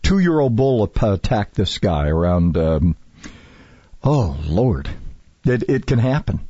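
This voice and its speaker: A husky-voiced man hosts a talk radio show, rambling from story to story with lots of ums and restarts. The sound is dry and dull, as if heard over the air. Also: on the low side, very animated, slow, mellow, no echo. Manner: rambling, self-interrupting, chatty with many fillers. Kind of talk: casual talk radio chat.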